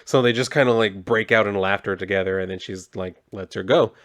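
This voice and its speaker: A man's voice: fairly low pitch, a little fast. Rambling young man reviewing a comic. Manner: rambling, filler-heavy, relaxed.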